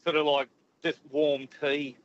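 A woman's voice: deep voice, little pitch movement, unhurried. A woman, calling in to a radio show, chatty, rambling and jokey. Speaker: caller. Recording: dull phone line.

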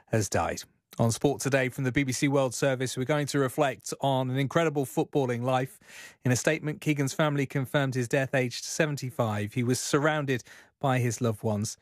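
Guy reading sports news on radio, dry close studio sound, steady and sombre. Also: medium pitch, dry recording. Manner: measured, sombre delivery. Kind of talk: scripted news narration.

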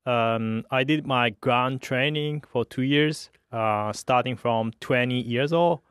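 A young man from Japan with a Japanese accent, a fighter pilot speaking English haltingly with many pauses in a radio interview. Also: mid-range voice, fairly bright tone, clear, resonant tone, no echo, clean studio sound. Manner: hesitant, halting English with many uhs and light laughs.

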